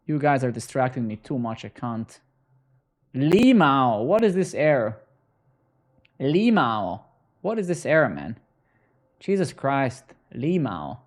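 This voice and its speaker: A man's voice: medium pitch, big pitch swings, slow, pauses often. A young man live-coding on stream, bantering sarcastically and swearing at his chat as he works.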